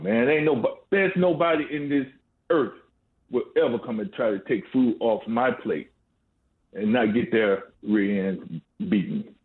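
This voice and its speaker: Boastful man on tinny phone-like audio. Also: medium pitch. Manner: boastful, defiant. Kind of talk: storytelling.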